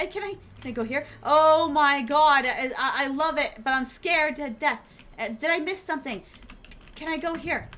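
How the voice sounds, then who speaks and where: A young woman streaming a horror game, giving excitable live commentary and talking to herself and her chat as she plays. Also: high voice. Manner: excitable, talks to herself and chat while playing.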